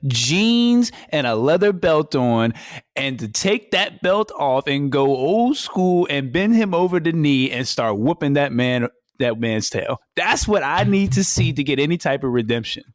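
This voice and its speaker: A man co-hosting a wrestling podcast in casual chat, animated, acting out quotes in slang. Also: fairly high pitch, measured pace, no room sound, clean studio sound. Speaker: podcast co-host.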